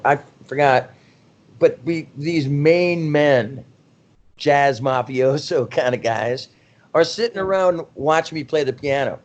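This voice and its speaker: A middle-aged rock singer, appearing as a guest in a casual interview, tells rambling, animated anecdotes and often laughs at himself. His voice is mid-range, and the recording sounds muffled.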